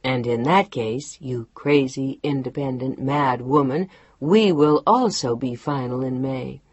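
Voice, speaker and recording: A woman voicing an emotional young man in love in an audiobook, speaking softly and tenderly. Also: very deep voice, unhurried, slightly rough, no echo, dull audio, voice pushed down, full character voice. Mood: loving.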